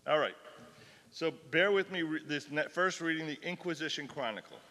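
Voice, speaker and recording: A man's voice: a little high, lively intonation, normal speed, bright, forceful tone. A man, a cantor teaching an adult class, speaking earnestly at a fixed microphone and reading aloud with rising intensity. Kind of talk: lecture with dramatic reading aloud. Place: synagogue hall. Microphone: fixed microphone he cannot leave. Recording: long hall reverb.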